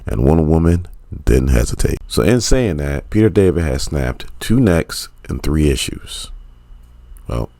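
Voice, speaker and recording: A man in his forties recapping a comic in casual, animated storytelling. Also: rumbling low, measured pace, dry recording. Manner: animated storytelling, acting out characters. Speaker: comic book reviewer.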